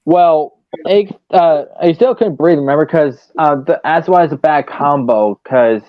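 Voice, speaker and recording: A man hosting a casual online fan discussion, relaxed and hesitant, with many fillers. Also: on the high side, measured pace, dry recording, highs cut off. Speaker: stream host.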